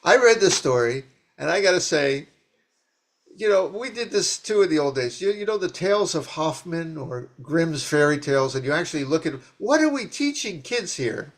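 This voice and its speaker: A Zen teacher, his voice a little high and his pace moderate, delivers a dharma talk. His telling of old stories is animated and meandering, full of restarts.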